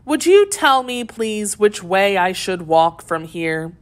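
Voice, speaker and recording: A woman's voice: mid-range voice, big pitch swings, takes it slowly. A woman reading aloud, voicing a curious, polite young girl who asks earnest questions. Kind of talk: storybook read-aloud.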